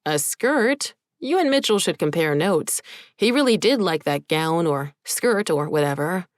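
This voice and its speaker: A woman's voice: lowish voice, expressive, measured pace, no echo, clean studio sound. A woman voicing a wry, joking teenage boy who is eager to help.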